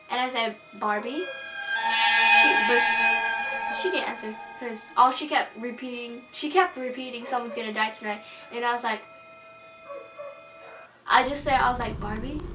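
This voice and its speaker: A woman with a high voice tells a spooky personal story for a class assignment. She is dramatic and animated, acting out what was said. She sounds a little distant from the mic, with music playing behind her. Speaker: student storyteller.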